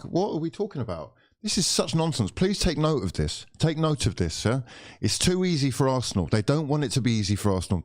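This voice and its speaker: A man's voice: mid-range voice, darkish tone. Exasperated man ranting through a live match. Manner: exasperated, swears constantly; rants at players and referees. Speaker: football watchalong host. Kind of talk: live match watchalong commentary.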